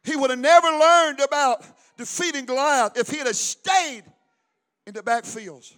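A male pastor preaching a fiery sermon, shouting and then dropping to quiet. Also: very high voice, a little slow. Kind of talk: Pentecostal sermon.

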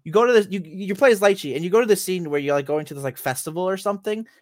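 A man's voice: sits high, rapid-fire, dry recording, studio quality. A man co-hosting a casual podcast about games and anime, rambling with many fillers and restarts. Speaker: podcast co-host.

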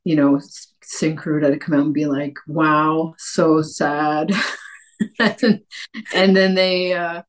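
Low-voiced woman from cape breton, chatty animated interview guest, lots of restarts. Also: measured pace, slight background noise. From Cape Breton, Canada. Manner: animated, many restarts and acted-out quotes. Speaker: author guest. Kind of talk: conversational interview.

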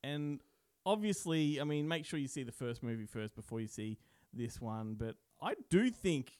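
A man's voice: medium pitch, lively intonation, moderate pace, darkish tone, clear, resonant tone, dry recording, studio quality. A man co-hosting a casual movie podcast, jokey and laughing often while he leads the segments. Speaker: podcast co-host. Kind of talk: casual chat.

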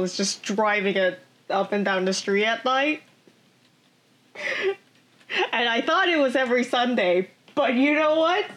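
A woman with a higher voice tells a story from her home recording room. She talks in a casual, exasperated, chatty way. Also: fairly bright tone. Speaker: podcast player. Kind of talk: casual chat.

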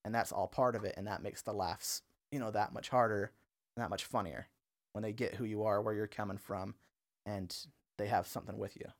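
A man's voice: on the low side, steady tone, fairly quick. A man who works as a stand-up comedian, a guest on a podcast, talking earnestly in a rambling, tired way with lots of fillers and restarts. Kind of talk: casual podcast chat.

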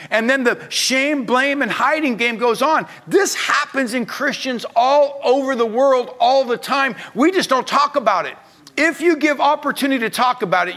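High-voiced, emphatic male pastor. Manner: emphatic, swings between loud urging and quiet confession. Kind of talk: sermon.

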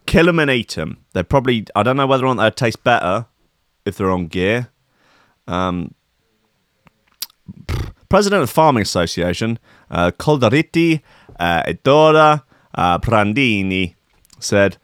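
A man's voice: lowish voice, big pitch swings, normal speed, long pauses, fairly bright tone, smooth, no room sound, studio quality. A man hosting a comic podcast, ranting sarcastically and profanely about news stories. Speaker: podcast host. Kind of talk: sweary comic news rant.

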